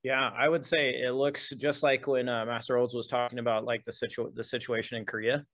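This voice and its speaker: Brief: male martial arts instructor guest, mid-pitched, relaxed and friendly. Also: brisk. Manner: easygoing, laughs readily, chimes in. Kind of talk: casual podcast conversation.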